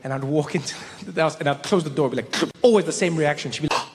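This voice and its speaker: A man's voice: a little high, quick pace, background noise. A male stand-up comedian telling a story animatedly, acting out characters on a live stage. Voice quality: animated, acts out characters, stammering restarts. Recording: live stage, long hall reverb.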